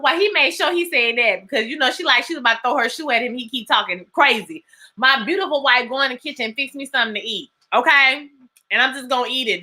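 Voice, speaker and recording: Bright animated woman recapping a show. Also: sits high. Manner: animated storytelling, acting out characters' lines; laughs often, slangy and loud. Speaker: TV recap host. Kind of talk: live recap chat.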